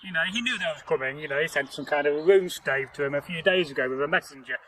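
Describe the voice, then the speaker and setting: Here a man with a fairly high, fairly bright voice speaks at a quick pace, on a low-quality recording. He hosts the channel and tells a folktale casually out in nature, drifting chattily and sharing jokes and laughter with a companion.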